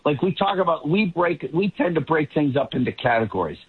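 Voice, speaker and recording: A man's voice: on the high side, expressive, brisk, husky. A man commenting as a guest on a political talk show, rambling and often restarting his sentences. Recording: tinny phone line.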